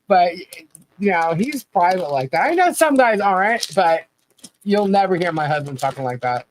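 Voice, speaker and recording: A woman's voice: fairly low pitch, big pitch swings, unhurried, pauses often, rough recording. A middle-aged woman co-hosting a podcast livestream, chatting casually and candidly, reading comments and laughing often. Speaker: podcast co-host.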